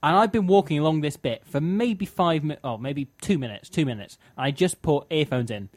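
A man's voice: fairly high pitch, expressive, moderate pace, no echo. Giggly rambling podcast host, man. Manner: giggly, rambling, self-interrupting. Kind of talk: casual comedy chat.

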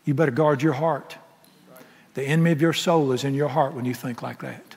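A middle-aged pastor, preaching a folksy, impassioned sermon that swings from loud to soft. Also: male voice, mid-range voice, fairly even intonation, a little fast, creaky, husky. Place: large church sanctuary. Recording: echoey sanctuary with long reverb.

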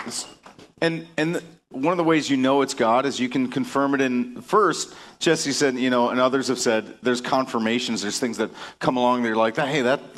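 Male group leader, mid-pitched voice, affirming and casual church talk. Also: a bit bright. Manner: affirming, informal, with restarts. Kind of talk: leading a church group discussion.

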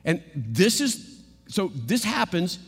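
A male preacher with a high, very expressive voice that leaps up and down as he delivers a sermon. He talks animatedly, slipping into quick acted-out bits. His voice rings with the long reverb of a big hall. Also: husky, soft background music. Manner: animated, acts out quotes in playful voices.

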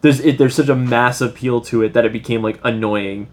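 A man co-hosting a podcast, opinionated and quick to laugh in sweary casual chat. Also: medium pitch, steady tone. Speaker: podcast co-host.

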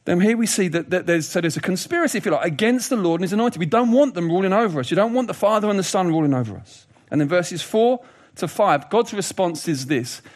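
Animated conversational male preacher. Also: high voice, fast, few pauses. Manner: conversational, animated, does funny voices and asides. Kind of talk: sermon.

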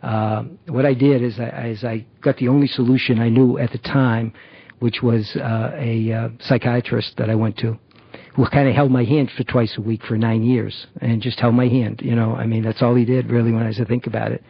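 A middle-aged man shares his personal testimony in a halting way, stopping often on fillers and restarting his sentences. His voice is gravelly and husky. The recording is dry and dull, with a muffled lo-fi sound. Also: mid-range voice, little pitch movement, no room sound. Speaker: recovery program member.

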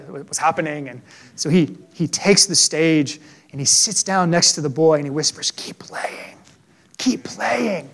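A man preaching a sermon, earnest and conversational, often tagging "right?" onto his points and slowing to a hushed tone on solemn lines. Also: high-pitched. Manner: drops to a hushed, slow delivery on solemn points. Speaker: pastor.

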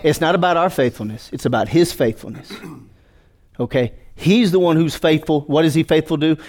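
A man's voice: on the high side, a little fast, darkish tone. A male pastor preaching a sermon, joking with the congregation and calling for responses.

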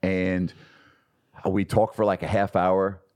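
A middle-aged man tells stories from his broadcasting career in a fairly low voice. He talks with animation and slips into the voices of people he quotes. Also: slow. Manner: animated storyteller, acts out quotes. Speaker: guest, sports broadcaster. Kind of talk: storytelling in a podcast interview.

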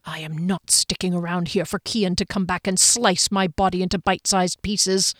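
A woman's voice: on the low side, flat delivery, normal speed, dry recording, natural voice. A cornered schemer spitting contempt, voiced by a woman narrator. The tone is scornful and plain. The recording is dry and close. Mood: sneering.

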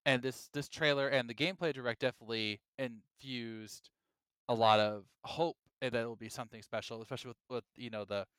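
A man co-hosting a gaming podcast in casual chat, excitable and animated, often acting out his own reactions. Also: mid-range voice, fairly quick, clear, resonant tone, dry recording. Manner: excitable, acts out reactions in quoted voices. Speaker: podcast co-host.

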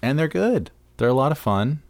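A man's voice: medium pitch, very animated, normal speed, darkish tone, no room sound. A man co-hosting a film podcast, talking in an eager, rambling way full of "like" and "you know.". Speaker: podcast co-host. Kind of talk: casual movie chat.

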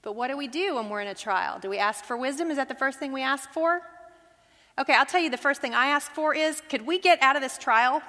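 A woman's voice: on the high side, a bit bright. Woman teaching a Bible study in a hall. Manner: earnest, asks the group questions. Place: large hall with a group. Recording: long hall reverb.

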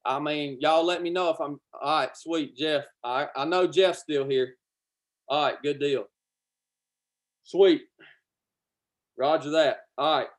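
A man preaching a livestreamed sermon, fervent and repetitive, rising to loud declarations and dropping to chatty asides. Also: a little high, measured pace, long pauses. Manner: fervent, repetitive, swells loud then drops to casual asides.

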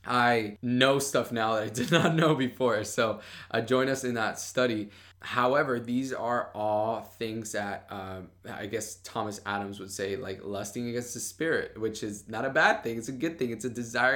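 Speaking in a fairly low voice with a fairly bright tone, a young man discusses faith on his Bible study podcast. His casual devotional podcast talk is passionate and bold, full of "like" fillers.

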